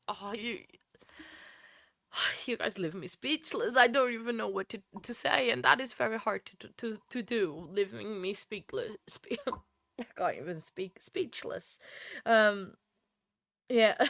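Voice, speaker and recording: A woman's voice: mid-range voice, a bit bright, dry recording, studio quality. A woman hosting a casual livestream, tearful and gushing as she thanks viewers with frequent laughter. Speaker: livestream host.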